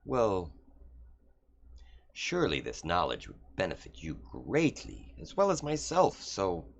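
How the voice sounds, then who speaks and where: A scheming archdevil with a British accent, as a man puts him on. He talks in a fussy, lawyerly mutter that swoops up and down, in a deep, gravelly voice. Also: wildly swooping pitch, measured pace, slight background noise, heavily acted. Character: scheming male archdevil, smug and legalistic.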